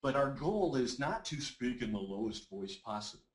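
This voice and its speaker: Male webinar presenter and voice coach, average pitch, energetic and coaxing; echoey room audio. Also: normal speed. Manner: energetic and encouraging, reads audience comments aloud. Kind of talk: live webinar teaching.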